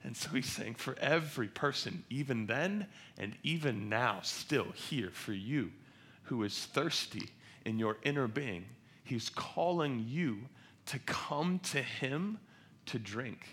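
Male pastor, bright voice, unhurried delivery, passionate sermon that swells and softens. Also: medium pitch, animated. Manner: passionate, swells loud on scripture quotes then drops soft.

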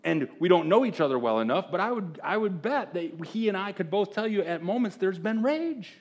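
Animated male preacher, loud to hushed. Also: high voice, brisk. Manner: animated, jumping between loud exclamations and hushed asides; acts out quoted characters in voices. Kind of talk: sermon. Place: room with a live audience of men.

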